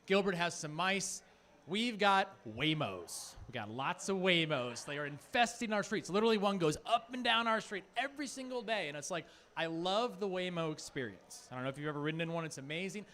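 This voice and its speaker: A man in his thirties from Phoenix, Arizona, talking through a stand-up set in a rambling, chatty way. His voice sits high for a man and swings widely in pitch. He leans on filler words as he goes. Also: expressive, fairly quick, fairly bright tone, a little hiss or hum. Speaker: stand-up comedian.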